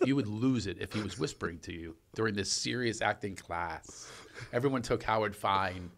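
Give me a male comedian podcast host, animated storyteller with a gravelly edge. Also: on the low side. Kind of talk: casual storytelling chat.

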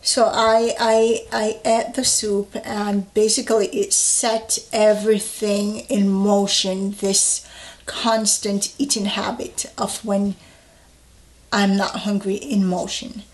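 Slow, relaxed woman vlogging at her meal. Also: medium pitch. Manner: relaxed, rambling, with fillers, talking while eating. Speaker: health vlogger. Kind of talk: casual vlog chat.

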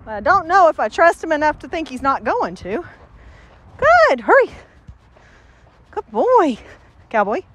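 Woman dog trainer, high voice, bouncy swooping delivery, brisk commands and praise, outdoors. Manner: upbeat, giving quick commands and praise to a dog. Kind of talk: commentary during a dog training session. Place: outdoors near trees.

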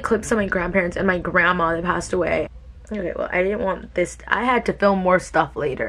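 A woman's voice: on the low side, fairly bright tone. A young woman in a casual beauty vlog, talking emotionally to camera with lots of "like" fillers. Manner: chatty, emotional, many "like" fillers. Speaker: beauty vlogger.

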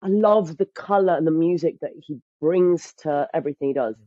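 Animated woman chatting on a podcast, laughs a lot, muffled dry sound. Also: sits low, a little fast, no echo. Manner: animated storyteller, laughs often, restarts sentences. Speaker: actor, podcast guest. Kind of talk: casual chat.

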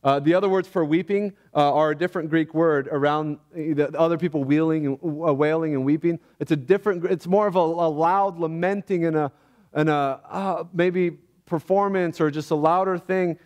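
An earnest man preaching in church, his voice sitting a little higher than most men's. He speaks reflectively, often halting and restarting as he works through his thoughts. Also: fairly even intonation, a little mellow, dull audio. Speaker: pastor. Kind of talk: sermon.

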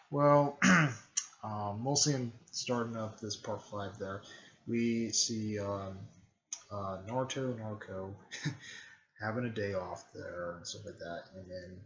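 A man with a fairly low voice talks through a story recap in a loose, meandering way, stopping for fillers and repeated throat clearing. The recording is dull and lo-fi. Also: fairly even intonation, crowd noise. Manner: halting, full of fillers and frequent throat clearing. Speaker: video creator recapping a fan series. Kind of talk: rambling casual recap.

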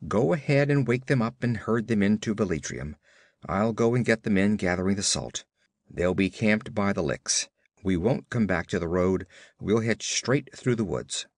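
Giant barbarian warrior, voiced by a male reader, terse and commanding, lively inflection. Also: fairly low pitch, moderate pace, no room sound, clean studio sound. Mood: urgent.

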